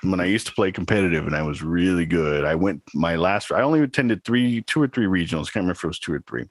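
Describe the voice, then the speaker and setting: A man's voice: low voice, animated, fast, no echo. A man in his thirties, a podcast co-host, chatting casually and telling a rambling story with laughs. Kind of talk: casual chat.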